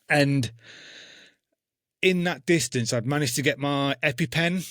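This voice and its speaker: A man's voice: fairly high pitch, slow pace, fairly bright tone, no room sound, studio quality. A man and army veteran telling a war story on a podcast in a blunt, casual way, swearing constantly and acting out what he said back then. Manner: blunt, heavy swearing, acts out his own past words.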